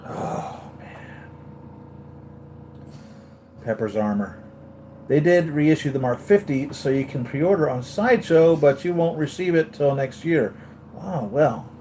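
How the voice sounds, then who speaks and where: A man hosting a live toy unboxing, gushing and excitable, often repeating himself. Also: on the high side, moderate pace, slight background noise. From United States. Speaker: toy collector vlogger.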